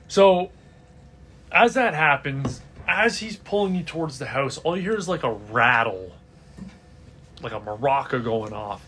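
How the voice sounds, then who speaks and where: A man's voice: medium pitch, expressive, unhurried, fairly bright tone, a little hiss or hum. A man narrating as game master of a tabletop role-playing game, casual, with many fillers.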